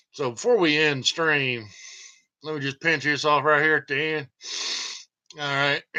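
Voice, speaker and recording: A man's voice: a little high, bright, forceful tone. A man hosting his own channel, rambling and joking through a casual livestream monologue and laughing often. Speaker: channel host.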